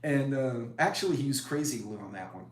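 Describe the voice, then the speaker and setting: A man's voice: medium pitch, lively intonation, a little fast. A middle-aged man hosting a casual live stream, rambling and chatty as he greets commenters. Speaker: preparedness live-stream host. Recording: echoey room.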